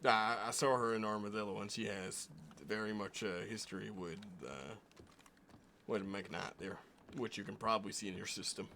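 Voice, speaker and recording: A man's voice: fairly low pitch, moderate pace, pushed and bright, slight background noise. A man streaming a western roleplay game, chatting casually, laughing often and swearing freely. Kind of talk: casual chat while playing a roleplay game.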